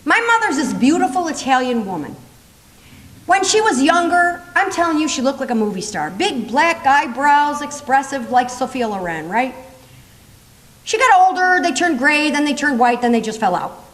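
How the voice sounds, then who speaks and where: High-voiced woman speaker in an echoing hall. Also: moderate pace. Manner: lively, laughing, chatty. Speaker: motivational humor speaker. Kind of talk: comedic storytelling talk. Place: large conference hall. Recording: long reverb in a conference hall.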